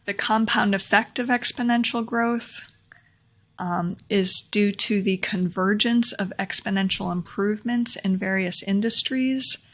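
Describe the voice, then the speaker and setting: A woman's voice: mid-range voice, measured pace, a bit bright. A young adult woman vlogging her takeaways in a casual, earnest explainer, repeating key points for emphasis, recorded at home. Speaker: vlogger sharing talk takeaways. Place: home room near a window.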